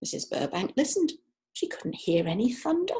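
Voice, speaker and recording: A woman narrating a children's book, expressive and stretching words for effect. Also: on the high side, moderate pace. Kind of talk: children's audiobook reading.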